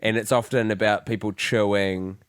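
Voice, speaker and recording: Male co-host, sardonic and crude, lower pitch, dry close mic. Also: steady tone, normal speed, smooth, no echo. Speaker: podcast co-host. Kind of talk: casual comedy commentary.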